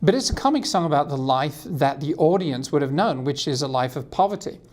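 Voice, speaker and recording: A man's voice: a little high, animated, brisk, a little mellow. A man from England, a guest author telling a rambling, self-mocking story in a community TV studio. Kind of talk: casual storytelling and singing.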